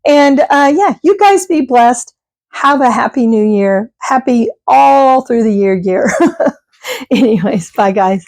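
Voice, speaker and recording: Chatty high-pitched woman vlogger. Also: animated, takes it slowly, a little mellow, no room sound. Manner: rambling, chatty, laughs often. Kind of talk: casual chat.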